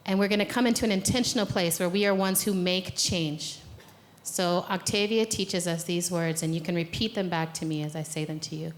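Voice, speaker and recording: Her voice is on the low side and fairly quick. An American organizer, she runs a guided exercise before giving a lighthearted, conversational talk on a conference stage, laughing along with her own jokes.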